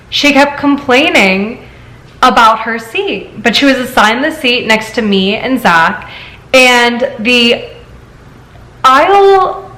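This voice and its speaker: A woman hosting a casual chat show, reading stories aloud and telling her own story in an animated way. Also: fairly high pitch. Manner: animated storyteller, laughs often. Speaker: host. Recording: echoey room.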